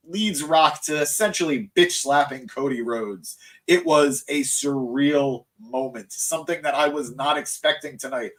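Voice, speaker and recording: With a slightly bright, mid-range voice, a man hosts a live wrestling recap stream. He sounds worn out and his voice cracks, and he wanders off-topic constantly while responding to chat.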